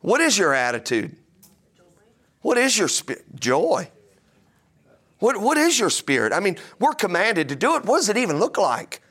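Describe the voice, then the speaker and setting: A man's voice: high-pitched, wildly swooping pitch, normal speed, pauses often, a bit bright, slightly rough. A middle-aged man preaching a sermon, emphatic and full of rhetorical questions. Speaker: pastor.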